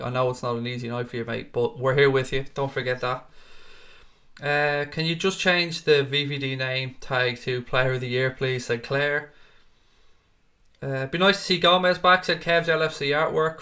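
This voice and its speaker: A man's voice: mid-range voice, sharp tone. Chatty man hosting a football stream. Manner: chatty, reads viewer comments aloud, greets viewers by name. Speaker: livestream host. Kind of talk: live-stream football chat, reading chat. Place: home studio with green screen.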